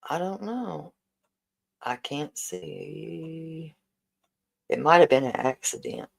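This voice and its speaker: Gravelly slow-talking woman in her forties. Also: sits low, expressive, poor audio. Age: 40s. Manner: warm, emotional, repeatedly thanking viewers. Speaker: livestream host. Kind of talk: casual livestream fundraiser chat.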